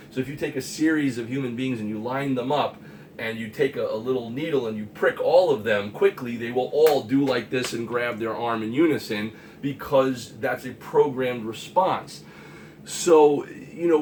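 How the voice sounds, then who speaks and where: A man giving an earnest, rambling monologue, emphatic and full of fillers and restarts. He talks to the camera as a vlogger. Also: medium pitch. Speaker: comic artist and vlogger. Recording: distant mic with faint hiss.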